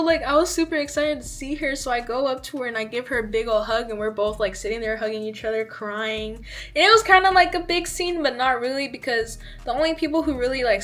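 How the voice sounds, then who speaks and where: A woman's voice: fairly high pitch, fairly bright tone. A woman in her twenties telling a casual storytime, chatty, with lots of "like" as she acts out what people said. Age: 20s. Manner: chatty, fills speech with "like", acts out dialogue. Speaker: vlogger.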